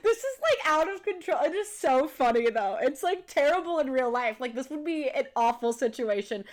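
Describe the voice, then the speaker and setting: A young woman co-hosting a podcast in casual chat, giggly and animated, often quoting characters in playful voices. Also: high-pitched, normal speed. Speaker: podcast co-host.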